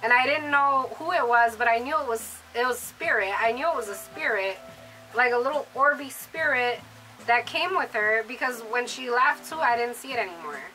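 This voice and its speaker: Female co-host, high and bright, loose rambling delivery, faint music underneath. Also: expressive, moderate pace, low-quality recording. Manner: rambling, talks with fillers. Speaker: co-host, shop owner. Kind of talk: casual chat.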